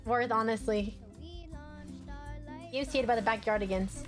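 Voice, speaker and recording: A young adult woman chatting casually and excitably while commentating her own gameplay, quick to laugh and to yell at the screen. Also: a little high, soft background music. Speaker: gaming streamer.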